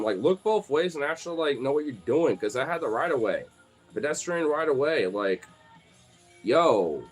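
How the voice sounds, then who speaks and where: Brief: young male host, mid-pitched voice, loose profane storytelling over faint background music. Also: sing-song, moderate pace, slightly rough. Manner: rambling, profane, many "like" fillers. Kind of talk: casual storytelling.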